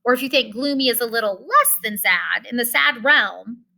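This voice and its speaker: Bright-voiced woman teaching a class. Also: fairly high pitch, expressive, moderate pace, creaky, poor audio. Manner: explains step by step, talks directly to students. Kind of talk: online class lesson.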